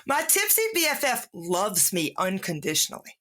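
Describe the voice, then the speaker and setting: A woman's voice: mid-range voice, sing-song, normal speed, bright, forceful tone. A woman hosting a podcast conversation, talking in an emphatic, heartfelt way and acting out inner voices. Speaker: podcast host. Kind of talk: casual conversation.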